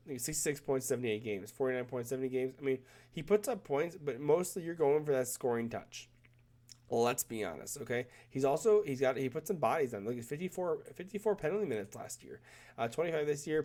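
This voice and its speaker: With a stuffed-up nose from a cold, a man who commentates on hockey walks through on-screen stats in a casual screen-share, enthusiastic and rambling, frequently restarting sentences to correct himself. His mid-range voice is expressive, fairly quick, and darkish in tone.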